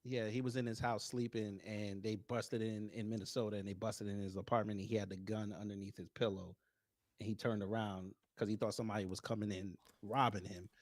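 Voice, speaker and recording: A man in a casual chat who teases and chimes in with quick remarks. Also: fairly low pitch, flat delivery.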